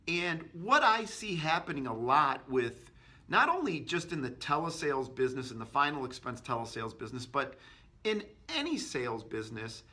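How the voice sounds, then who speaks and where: A man's voice: mid-range voice, sing-song, normal speed, pushed and bright. A man giving a sales training tip, talking energetically and acting out short agent and customer exchanges. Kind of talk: instructional talk to camera.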